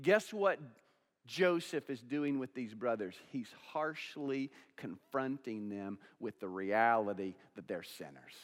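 A man's voice: medium pitch, lively intonation, slow. A male pastor preaching a sermon, asking rhetorical questions and acting out both sides of dialogues. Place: church sanctuary. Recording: church sanctuary with long reverb.

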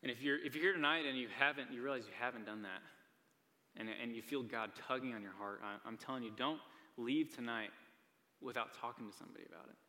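A man's voice: medium pitch, racing, pushed and bright. A young man preaching a sermon to a live audience in a church hall, earnest and casual, with frequent "like" and "right?" asides. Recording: long hall reverb.

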